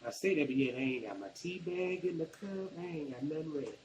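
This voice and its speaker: A man's voice: on the high side, lively intonation, a little fast, darkish tone, echoey room, a little hiss or hum, low-quality recording. A man from Arkansas with a Southern accent, rambling casually while he walks through a cooking tutorial in his home kitchen. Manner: chatty, rambling, colloquial. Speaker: cooking vlogger.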